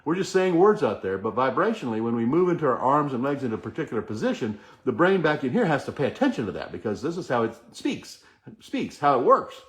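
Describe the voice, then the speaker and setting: A man's voice: medium pitch, sing-song, quick pace. A middle-aged man hosting a motivational talk, earnestly leading the listener through repeated affirmations. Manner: earnest, repetitive chanting of affirmations. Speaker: host.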